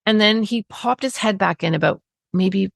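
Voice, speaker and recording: A woman, a parenting expert telling stories in an interview, animated, acting out quotes and laughing often. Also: medium pitch, normal speed, gravelly, no echo, studio quality. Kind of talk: conversational storytelling interview.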